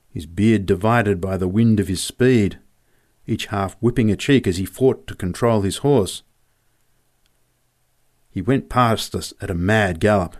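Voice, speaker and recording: A man narrating a story in a vivid, descriptive reading. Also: fairly low pitch.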